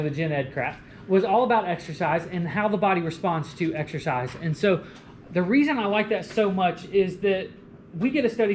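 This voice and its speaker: A young man giving a lively college lecture, joking and asking the class questions. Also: high-pitched. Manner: animated, jokey, asks the class questions. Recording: echoey classroom with faint room noise.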